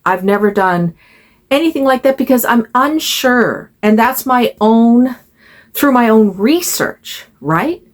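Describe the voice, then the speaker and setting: A woman's voice: fairly high pitch, animated, slow pace. An older woman, a doll collector, chatting casually to camera in a rambling, conversational way. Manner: rambling, talks to her doll in a cooing voice.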